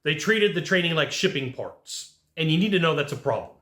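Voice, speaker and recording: A man giving an energetic sales training talk, punchy and animated, acting out little exchanges with customers. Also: fairly high pitch, fairly quick. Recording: echoey room.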